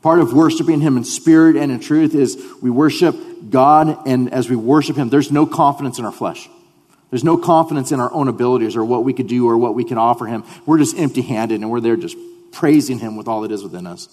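A pastor preaches a sermon at medium pitch and a slightly fast pace, with a big-room sound. He sinks into hushed tones, then climbs to loud, fervent declarations.

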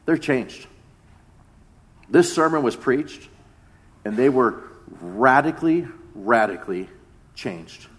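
A man's voice: mid-range voice, animated, slow, long pauses. A man in his thirties, a pastor giving a conversational sermon that often repeats its phrases.

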